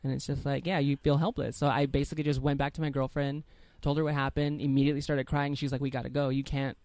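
A woman's voice: sits low, level tone, fast talker, a little mellow, no room sound. A young trans woman, a podcast guest, telling personal stories in casual chat with many fillers and restarts.

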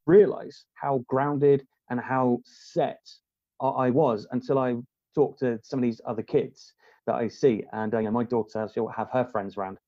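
A man, a podcast guest, talking in a rambling, halting way with many restarts. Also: medium pitch, fairly even intonation, dry recording, muffled recording. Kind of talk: casual conversation.

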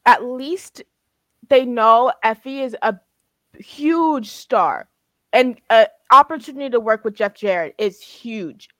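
Woman host with a slightly high voice who teases playfully and steers the chat, recorded dry and close. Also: expressive, slow, fairly bright tone, no room sound. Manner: playful and teasing, hands the topic to others. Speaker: host moderating a podcast. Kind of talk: casual chat.

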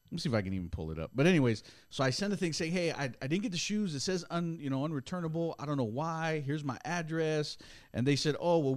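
A young man on co-hosting duty for a podcast launches into a story during casual chat, bringing it to life by acting out the quotes. He speaks in a mid-range voice with no room sound.

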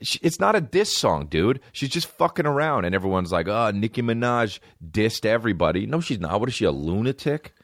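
His mid-range voice is sing-song and a bit bright, running fairly quickly with hardly any pauses. He's a thirties-aged solo comedy podcaster who rambles, curses and mimics other people's voices, recorded cleanly without echo in a small room with a creaky chair.

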